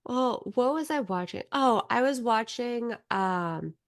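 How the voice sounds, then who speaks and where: Unhurried woman co-host with a gravelly voice, recorded dry and close, casual storytelling. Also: a little high, expressive, dry recording. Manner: unhurried storytelling, trailing pauses. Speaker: podcast co-host. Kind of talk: casual chat.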